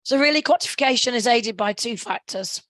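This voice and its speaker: A middle-aged woman with a hoarse, croaky throat presents a webinar over a video call. Her voice sits a little high. The sound is dry and close, and she keeps restarting phrases and clearing her throat. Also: a little fast, fairly bright tone, no room sound, rough recording. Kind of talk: conference presentation.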